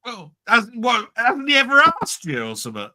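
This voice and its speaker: A man's voice: very high-pitched, wildly swooping pitch, normal speed, pushed and bright. A middle-aged man bantering on a livestream, blunt and teasing, mock-insulting his co-host. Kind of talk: casual banter.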